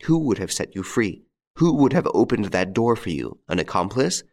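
A bold gentleman rescuer who speaks firmly and persuasively, giving his word, as a man reads him in a storybook. The voice sits low and steady. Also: normal speed. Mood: insistent.

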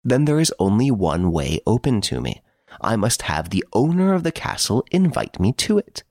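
This is a suave gentleman thief, relaxed in his cell and amused by everyone around him, as a man puts him on. He teases and brags in a voice that leaps up and down, with some gravel under it. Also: lowish voice, normal speed, dry recording, studio quality, voice pushed up. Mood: mocking, playful. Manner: playful, teasing, boastful. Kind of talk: audiobook character reading.

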